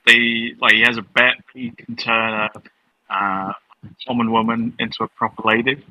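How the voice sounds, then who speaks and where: A man's voice: mid-range voice, level tone, normal speed, bright, forceful tone, dry recording, muffled recording. A man co-hosting a casual reaction chat with dry, teasing remarks. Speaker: co-host reacting to clip.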